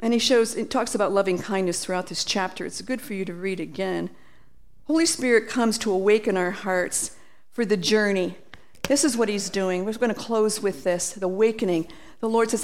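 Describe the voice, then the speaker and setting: A woman preaching a sermon, animated, acting out quoted voices and reading scripture aloud. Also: medium pitch, moderate pace.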